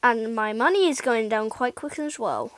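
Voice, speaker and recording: A woman's voice: on the high side, expressive, moderate pace, dry recording, poor audio. A woman giving casual, rambling gameplay commentary, mocking herself and often muttering asides under her breath. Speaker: gaming YouTuber.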